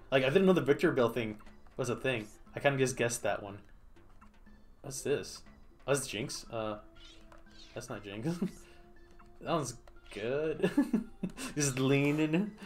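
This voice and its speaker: A man's voice: medium pitch, a little slow, long pauses, soft background music. Giggly man streaming a game. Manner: playful, giggly, talks to the game. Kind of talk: casual gameplay commentary.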